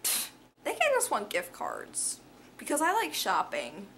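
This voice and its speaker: A woman vlogging casually to camera while opening fan mail, bubbly and excitable, squealing over gifts. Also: mid-range voice, measured pace, a little hiss or hum. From United States.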